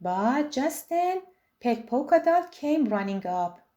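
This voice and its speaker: A woman reading a children's picture book aloud with expressive storytelling. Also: high voice, slow. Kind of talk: children's read-aloud narration.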